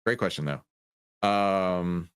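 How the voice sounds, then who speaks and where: A man's voice: deep voice, drawn-out words, fairly bright tone, smooth. A man hosting a trading livestream, reading chat questions and coaching viewers in an upbeat, conversational way.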